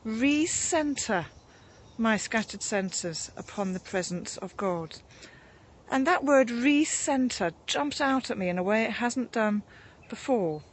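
Breathy woman reverend musing after a walk. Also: mid-range voice. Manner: gentle, musing, with frequent ums and restarts. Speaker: reverend giving a reflection. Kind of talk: informal spoken devotional reflection. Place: outdoors at the end of a morning walk.

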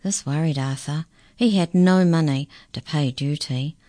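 A woman reading a children's storybook aloud, unhurried and expressive. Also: low-pitched, dry recording, studio quality.

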